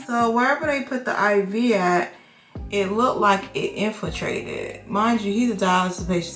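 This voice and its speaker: A woman nurse vlogger telling a work story in casual chat, slangy and animated, acting out what people said. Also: mid-range voice, reverberant. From Florida. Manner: animated, slangy, acts out quotes.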